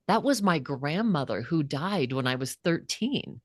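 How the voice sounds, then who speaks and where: In a studio-quality recording with no echo, a woman with a voice that sits low speaks at normal speed with few pauses. She's an author being interviewed, recounting something from her own life with earnest animation and performing the quoted voices.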